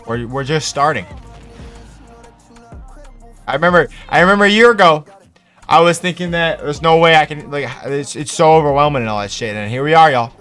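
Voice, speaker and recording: Excitable high-voiced young male streamer. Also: brisk, pauses often, clean tone, soft background music. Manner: excitable, profane, hypes up his chat. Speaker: Twitch streamer. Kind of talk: casual livestream chat.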